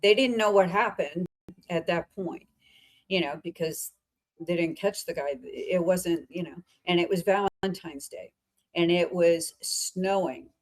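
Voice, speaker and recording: Podcast host: a woman from central Pennsylvania with a lowish voice, rambling but lively storyteller. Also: measured pace, rough recording. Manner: chatty, meandering, animated. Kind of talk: casual storytelling chat.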